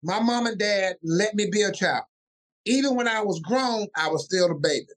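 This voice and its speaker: A man's voice: high-pitched, moderate pace. A man who is a pastor, telling stories from his upbringing in a casual interview and acting out family voices as he goes. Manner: animated, acts out family voices mid-story.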